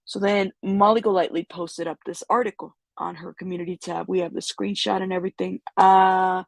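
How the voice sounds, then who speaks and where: Congested raspy woman hosting a livestream. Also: fairly low pitch, steady tone, brisk, dry recording. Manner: rambling, greets chat viewers. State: congested from a cold. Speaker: YouTube news host. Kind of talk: casual livestream commentary.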